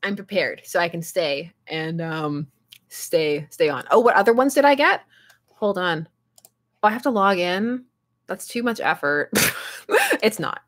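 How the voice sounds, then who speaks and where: A woman's voice: fairly low pitch, measured pace, long pauses. A young woman live streaming and chatting casually with her viewers, rambling and laughing often as she answers chat. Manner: reads and answers chat aloud.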